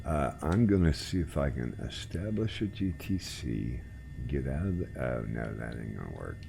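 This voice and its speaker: A man hosting a flight sim group, chatting in a relaxed, rambling way while he flies. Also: very deep voice, moderate pace, creaky, noisy background. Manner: relaxed, rambling, trailing off quietly. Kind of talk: casual chat while flying.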